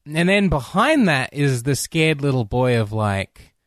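A man's voice: medium pitch, a little slow, dry recording. Man, podcast co-host, casual film chat, rambling, restarts, dry close mic. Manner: rambling, animated, restarts often.

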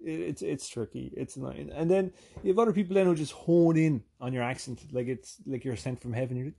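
A man from Ireland with a softened Irish accent, rambling through a casual, profane, self-deprecating vlog monologue. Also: a little high, a little fast, creaky. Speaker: vlogger.

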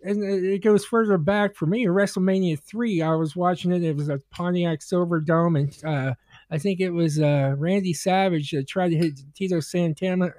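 A man's voice: high-pitched, fairly even intonation, moderate pace, darkish tone, dry recording. A man co-hosting a casual podcast, talking hesitantly with many fillers and some swearing. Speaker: podcast co-host. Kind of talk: casual banter.

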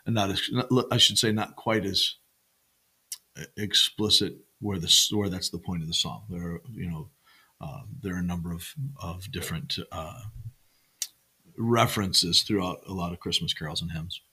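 A man's voice: low-pitched, moderate pace, sharp tone, husky. A man co-hosting a church podcast, talking casually and rambling through sermon themes with many fillers and restarts.

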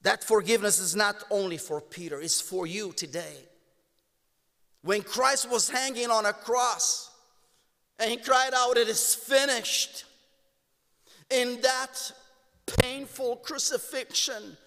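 A man with a Romanian accent preaching a sermon to his congregation, impassioned, calling them "my beloved" and swinging between hushed tones and raised exclamations. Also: high-pitched, takes it slowly, long pauses. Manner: impassioned, addresses listeners as "my beloved". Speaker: pastor. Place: church sanctuary. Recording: long church hall reverb.

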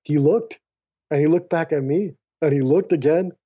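Man telling his story, mellow voice. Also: fairly high pitch, normal speed, breathy edge. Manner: animated storyteller who acts out quoted dialogue; often addresses the host by name mid-sentence. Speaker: podcast guest. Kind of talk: personal storytelling in conversation. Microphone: remote call.

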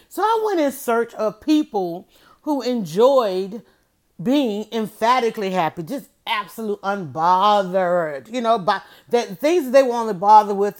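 A middle-aged woman hosting a motivational livestream, speaking in an animated, preachy way and often telling listeners to write things down. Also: medium pitch. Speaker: livestream host.

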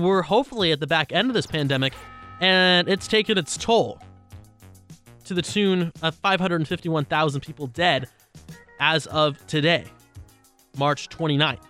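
Bright-voiced opinionated male talk show host. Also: sits high. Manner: conversational and opinionated, with frequent asides and restarts. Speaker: radio-style show host.

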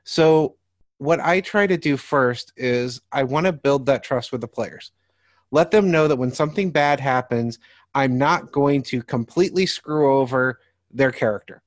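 A man's voice: medium pitch, dry recording. Male game master, easygoing podcast talk, dry sound, explains through examples. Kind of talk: casual podcast discussion.

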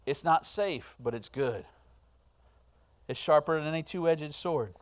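A middle-aged male pastor delivering a sermon, swinging between hushed, earnest lines and loud, impassioned ones. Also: a little high, a little slow.

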